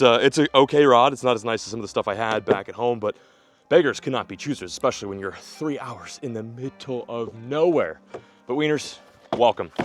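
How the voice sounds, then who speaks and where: A man narrating a fishing vlog to camera outdoors by a remote lake, energetic and jokey. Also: fairly low pitch. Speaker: fishing vlogger.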